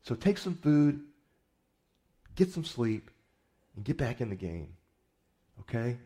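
A man's voice: mid-range voice, sing-song, takes it slowly, dark tone. A man preaching a sermon who voices God as a firm, fatherly figure, speaking plainly and matter-of-factly.

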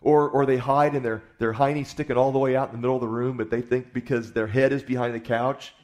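Man, pastor, sermon, folksy storytelling, conversational, repeats words, medium pitch. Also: steady tone, fast talker, darkish tone.

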